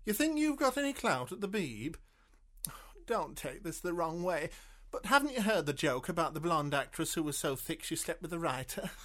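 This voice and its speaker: A woman's voice: lowish voice, big pitch swings, normal speed, fairly bright tone. A pragmatic female agent talks her client down in a radio sitcom. She is blunt but coaxing, and her voice rises and falls a lot. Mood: frank.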